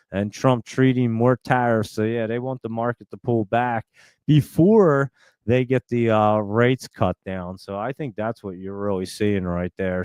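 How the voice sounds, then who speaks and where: A man with a smooth, slightly low voice hosts a live stock-trading stream. He rambles in a relaxed, profane way, leaning on fillers as he goes. The sound is close and dry. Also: no echo. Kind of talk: casual live-stream chat.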